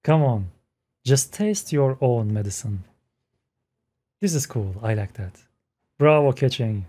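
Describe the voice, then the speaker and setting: A man hosting a reaction video, excited and laughing as he talks at the screen in casual commentary. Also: mid-range voice, takes it slowly, husky. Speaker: reaction channel host.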